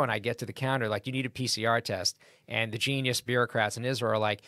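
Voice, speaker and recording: Man, podcast guest, casual lively storytelling, acts out quotes, mid pitch, dry close mic. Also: quick pace, no echo. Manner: animated anecdote with acted-out quotes. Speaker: comedian guest.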